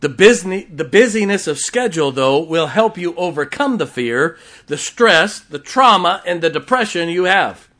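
A male pastor preaching from his pulpit in a church. His pitch sits a little high for a man, and he punches key words loudly before dropping into quiet, fast asides. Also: lively intonation. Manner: preaching with sudden loud emphasis and quiet asides. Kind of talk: sermon. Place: church sanctuary.

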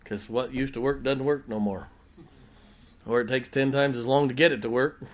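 A middle-aged man preaching a sermon in a folksy, humorous way, swinging from loud emphasis to quiet, intimate asides. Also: medium pitch, fairly even intonation, normal speed. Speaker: pastor.

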